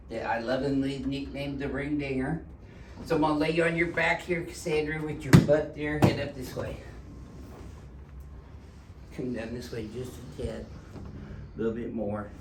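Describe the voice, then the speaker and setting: Man, chiropractor, reassuring banter, mid pitch, echoey room, off-mic with background noise. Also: recorded from a distance. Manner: joking, reassuring, giving instructions. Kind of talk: casual chat while treating a patient. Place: treatment room in a clinic.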